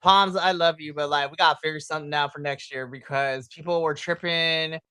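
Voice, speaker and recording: A podcast co-host in casual post-show chat, excitable, laughing often and breaking into loud exclamations. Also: mid-range voice, a little fast, clean tone, dry recording.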